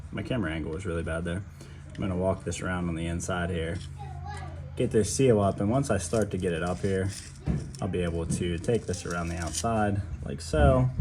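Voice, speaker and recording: A man's voice: deep voice, background noise. A man giving a casual how-to while he works on a truck in a garage, talking loosely to viewers with lots of fillers. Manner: chatty, loose, addresses viewers as guys, many fillers. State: out of breath at times. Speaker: DIY mechanic. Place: home garage.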